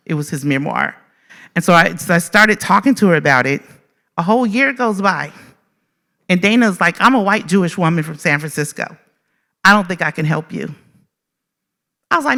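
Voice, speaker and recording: A woman artist tells a story to a live audience with bright, forceful energy. She talks in a humorous, animated way and speaks straight to the crowd. Her voice carries a long reverb from the large room she is speaking in. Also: deep voice. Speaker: artist giving a public talk. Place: event space with audience.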